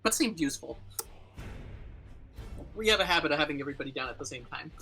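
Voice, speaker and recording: A man's voice: fairly high pitch, expressive, quick pace, gravelly, sharp tone, soft background music. A man playing a tabletop role-playing game in casual chat, eagerly explaining his character's spell and reading rules aloud. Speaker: player.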